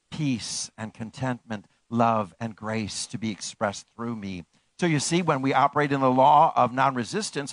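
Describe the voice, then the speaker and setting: A man's voice: fairly bright tone, dry recording. A man preaching a sermon as pastor, emphatic, swinging his voice up and down and repeating key phrases. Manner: preaching with wide swings in pitch and volume.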